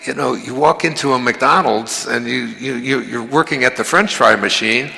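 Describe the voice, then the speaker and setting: A man giving a motivational talk in a conversational, animated way. He tells personal stories, acts out the voices he quotes, and often restarts his sentences. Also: medium pitch, normal speed, creaky, slightly rough. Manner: frequent restarts and stammered repeats. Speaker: inspirational speaker.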